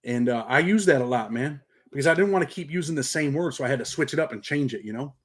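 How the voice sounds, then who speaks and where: A mid-range, expressive voice with a breathy edge moves at a quick pace. It belongs to a middle-aged man from Rochester in upstate New York, a paralegal and channel host with a slight country twang, who chats casually on his livestream and reads comments, streetwise and laid-back, saying "man" often amid his slang.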